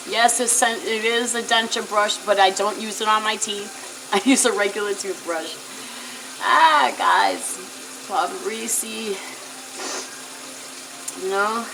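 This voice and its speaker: A woman with a New York accent chatting casually to her viewers, rambling and earnest. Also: medium pitch. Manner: rambling, earnest, talks about faith and prayer. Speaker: vlogger. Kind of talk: casual chat to camera. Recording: noisy home recording, running water.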